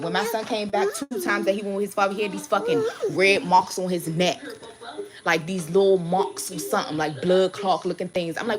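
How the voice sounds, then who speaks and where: A woman, a tarot reader hosting her channel, rants to her viewers in a blunt, heated way, swearing often and repeating herself. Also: mid-range voice. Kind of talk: casual ranting vlog.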